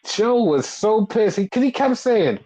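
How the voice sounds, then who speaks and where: A man's voice: sits high, sing-song, measured pace, mellow, a little hiss or hum, low-quality recording. A man co-hosting a casual wrestling podcast, ranting in a profane, exasperated way. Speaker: podcast co-host.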